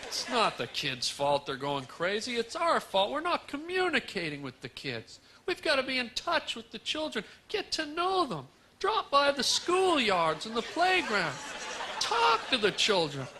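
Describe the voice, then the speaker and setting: A man's voice: extremely high pitch, huge pitch swings, measured pace, background noise. A man doing a rambling stand-up comedy set on a club stage, riffing into absurd nonsense wordplay.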